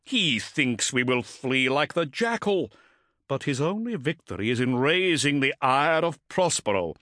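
A man voicing a grim, proud male warship captain who gives grave, measured commands. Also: mid-range voice, very animated, pushed and bright, dry recording, studio quality, pitched above the performer's own voice. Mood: commanding.

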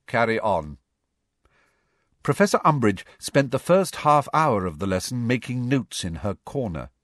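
A man reading a novel aloud in steady, measured narration. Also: mid-range voice, no room sound, studio quality. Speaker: audiobook reader. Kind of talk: scripted narration.

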